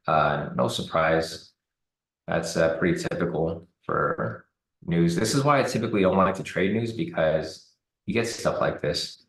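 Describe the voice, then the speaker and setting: A man giving relaxed live commentary on a trading chart, thinking aloud with fillers. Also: low-pitched, echoey room, poor audio. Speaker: trading streamer.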